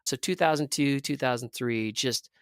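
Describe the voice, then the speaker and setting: A man's voice: medium pitch, normal speed, smooth, no room sound, studio quality. Blunt, profane man telling his story. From Southern California. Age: 30s. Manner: blunt, profane, animated storyteller who acts out quoted dialogue. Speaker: podcast guest. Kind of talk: candid conversational storytelling.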